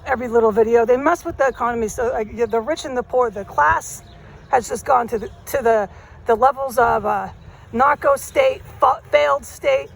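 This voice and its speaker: A woman's voice: on the high side, moderate pace, gravelly. A woman rambling emphatically in casual slang as she walks a city street and films a vlog on her phone. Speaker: vlogger. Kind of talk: walking vlog monologue. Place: city street outdoors, walking. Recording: faint street noise outdoors. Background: street noise and passing traffic.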